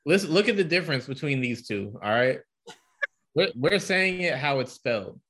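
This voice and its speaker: A man's voice: fairly high pitch, sing-song, moderate pace, a bit bright. A man from Florida in a casual chat, teasing a friend and coaching his pronunciation.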